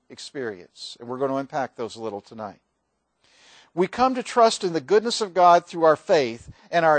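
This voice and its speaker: Man, pastor, earnest sermon, high voice, dry close sound. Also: dry recording. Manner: earnest preaching, acts out quoted prayers with rising intensity.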